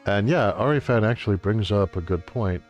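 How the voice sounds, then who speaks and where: A man's voice: fairly low pitch, a little fast, a little mellow, dull audio, faint music behind. A man streaming a video game, giving wry, joking commentary with exaggerated exclamations. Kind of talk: let's-play commentary.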